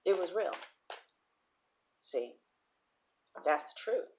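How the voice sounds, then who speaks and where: A woman tarot reader on a casual livestream, telling stories in a chatty, animated way with plenty of profanity. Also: on the low side, slow pace, slight background noise.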